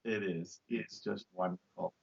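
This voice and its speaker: Upbeat magician guy from long island, low gravelly voice, kinda dull lo-fi sound. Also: steady tone, measured pace, darkish tone. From Long Island, New York. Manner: enthusiastic, upbeat storyteller. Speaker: guest magician. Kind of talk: casual interview chat.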